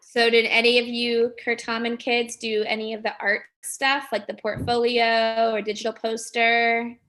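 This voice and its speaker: Bright-voiced teacher on a video call. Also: female voice, on the high side, little pitch movement, moderate pace. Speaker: teacher and sponsor. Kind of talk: casual chat on a video call.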